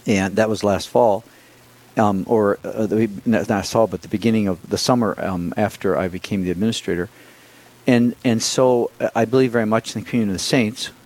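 Being interviewed, a priest named bishop recounts what happened in an easygoing, conversational way. This middle-aged man has a somewhat low, steady voice and keeps stumbling, restarting and saying "um" or "uh," letting small laughs slip out. Recording quality is low.

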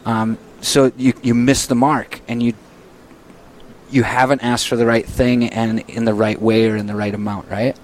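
A man hosting a casual faith discussion, chatty and animated, often laughing and slipping into quoted voices. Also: mid-range voice, normal speed, slight background noise, poor audio. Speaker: host. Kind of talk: casual Catholic Q&A talk.

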